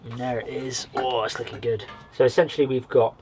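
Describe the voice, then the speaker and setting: Relaxed British man chatting to camera. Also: medium pitch, brisk, over music. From Britain. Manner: relaxed and chatty, addresses viewers directly. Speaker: outdoors vlogger. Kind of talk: casual vlog to camera. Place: small wood cabin with a stove, in woods.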